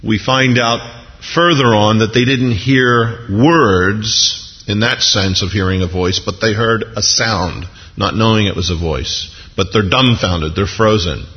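A man's voice: lowish voice, measured pace, hardly any pauses. A man preaching a sermon in a conversational way, with frequent casual asides to the congregation. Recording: echoey hall, dull lo-fi sound.

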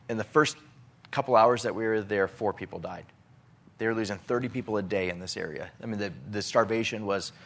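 A man's voice: on the low side, a bit bright. A middle-aged man telling an emotional personal testimony about relief work, with many restarts and acted-out dialogue.

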